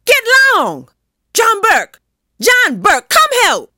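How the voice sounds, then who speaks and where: Storybook: a shrill, yelling old woman, high and loud, as a woman puts her on. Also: huge pitch swings, takes it slowly, dry recording, clean studio sound, heavily acted. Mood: furious shouting. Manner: shrill, shouting commands. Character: angry old woman shouting from her yard.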